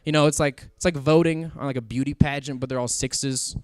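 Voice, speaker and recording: A man's voice: medium pitch, brisk, clean tone, dry recording, clean studio sound. A young man from Kansas City doing a crude stand-up comedy set on stage before a live audience. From Kansas City, USA. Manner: crude, animated storytelling.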